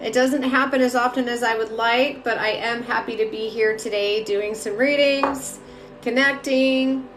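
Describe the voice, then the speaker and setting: A woman's voice: fairly high pitch, fairly even intonation, measured pace, fairly bright tone, echoey room, soft background music. A woman giving casual live-stream spiritual readings, chatty, greeting viewers by name and talking with lots of fillers. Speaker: spiritual reader and mentor. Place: home room.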